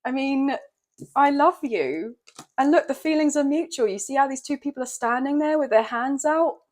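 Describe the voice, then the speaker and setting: A tarot reader with a high voice moves briskly through her reading, her tone staying even. She's warm, emotional and conversational, frequently checking on her viewers with an "okay, guys." There's a slight croakiness to her voice.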